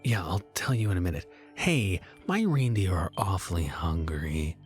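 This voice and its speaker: Guy putting on a creepy fake santa helper, low and hushed, wheedling, kinda sing-song. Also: lively intonation, normal speed, faint music behind. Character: starving, sly fake Santa's helper man.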